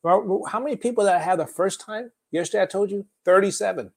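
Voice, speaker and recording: A man preaching a sermon, telling a testimony in an animated storytelling manner that swings between loud and soft. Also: high voice, fast, vocal fry.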